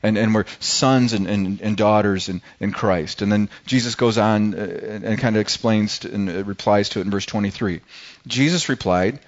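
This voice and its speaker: A man's voice: lowish voice, moderate pace, highs cut off. A man preaching a sermon in a casual, conversational way, often restarting and repeating words. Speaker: pastor. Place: church service.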